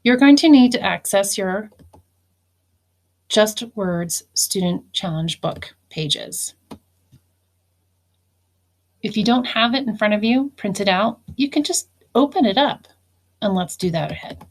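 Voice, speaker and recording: A woman's voice: medium pitch, lively intonation, unhurried, pauses often. A woman teacher giving a recorded phonics lesson, spelling words out letter by letter and explaining each syllable.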